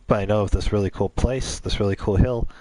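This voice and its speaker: A man's voice: on the low side, fairly even intonation, a little fast, warm tone, no echo, close to an everyday voice. A man doing a laid-back teen boy. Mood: easygoing. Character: laid-back teenage boy skipping prom.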